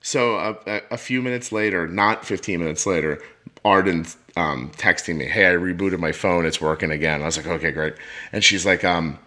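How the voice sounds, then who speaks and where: A middle-aged man with a bright, forceful voice that sits on the low side, telling a long story in an easy conversational way. He slips into the voices of the people he quotes, so his storytelling stays lively. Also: normal speed. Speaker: podcast host. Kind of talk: casual storytelling chat.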